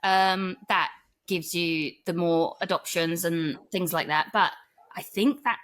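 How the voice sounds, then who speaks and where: A woman's voice: lowish voice, slow, a bit bright. A young woman, talking easily and rambling a little as a guest about running a dog rescue. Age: young adult. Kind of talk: casual interview talk.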